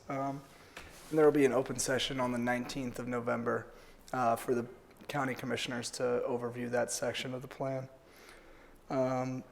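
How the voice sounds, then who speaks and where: A man's voice: medium pitch, darkish tone. A man with a cold giving a polite county update at a meeting, with frequent fillers. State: has a cold. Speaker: county planning liaison. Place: meeting room.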